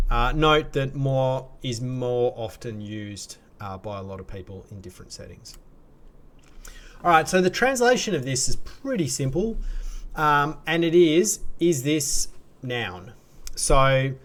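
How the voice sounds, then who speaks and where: A man with an Australian accent, explaining grammar in a relaxed, chatty teaching style with fillers and restarts. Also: medium pitch. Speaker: language teacher. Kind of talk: casual explanatory lesson.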